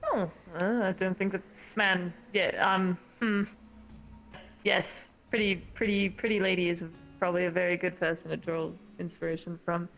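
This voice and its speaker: A woman's voice: fairly low pitch, steady tone, moderate pace, creaky, a bit bright, soft background music. A woman chatting casually in a virtual roleplay world. She is polite and hesitant and uses many fillers. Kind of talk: casual chat.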